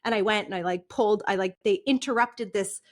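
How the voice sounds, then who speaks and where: A woman's voice: mid-range voice, a little fast. A woman in her thirties, a podcast guest, candidly recounting a painful personal experience, often laughing through it and restarting her sentences.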